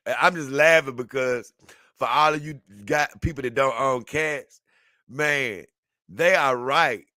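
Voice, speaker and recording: A man giving casual, animated reaction commentary, exclaiming and laughing as he talks. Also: mid-range voice, a little slow, no room sound, clean studio sound. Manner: animated, exclaiming and laughing, dips into mock voices. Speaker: video reactor.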